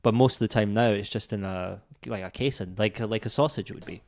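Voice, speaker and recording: A man's voice: on the low side, a little fast, darkish tone. A Scottish man chatting casually as a podcast guest, laid-back and self-deprecating. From Scotland. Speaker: comedian guest.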